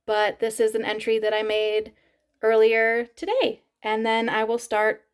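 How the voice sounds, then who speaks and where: A woman's voice: a little high, steady tone, a little slow, clear, resonant tone. A woman in her thirties vlogging casually to camera, chatty and laughing often between words. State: teary, crying while laughing. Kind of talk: casual vlog talk to camera.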